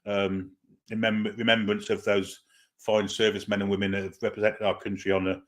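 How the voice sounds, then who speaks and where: A man with a fairly low pitch and a level tone talks a little fast. He hosts a live football watchalong stream, chatting casually and doing pre-match commentary, hesitating with lots of fillers and reading viewer comments aloud before answering them.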